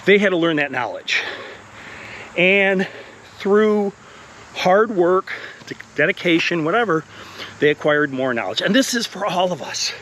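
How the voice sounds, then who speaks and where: A man's voice: high-pitched, lively intonation, measured pace, long pauses, fairly bright tone, slight background noise. Slightly winded man teaching on a trail walk. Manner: earnest, encouraging, with fillers. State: a little out of breath. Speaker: college instructor. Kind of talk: walking vlog talk. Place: outdoor wooded path.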